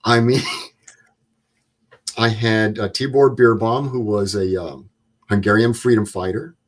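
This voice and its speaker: A man in his seventies, a guest, telling stories in a plain-spoken, measured way. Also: lowish voice, steady tone. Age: 70s. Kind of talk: storytelling interview.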